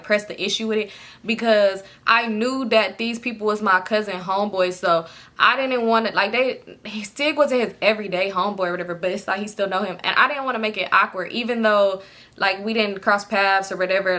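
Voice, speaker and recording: A young woman telling a personal story in casual chat, animated, acting out what people said and laughing often. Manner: animated, acts out quotes with pitch jumps, laughs often. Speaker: storytime vlogger.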